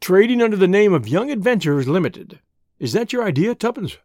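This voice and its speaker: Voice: mid-range voice, sing-song, a little fast, darkish tone, no echo. An audiobook reader voicing a wry, easygoing young man with a dry, understated wit. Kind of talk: audiobook reading.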